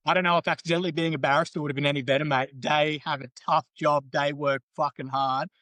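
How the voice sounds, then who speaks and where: A man's voice: a little high, flat delivery, fast, sharp tone, no room sound, poor audio. A man, a podcast guest telling his career story candidly, swearing and acting out the people he quotes. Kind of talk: casual storytelling interview.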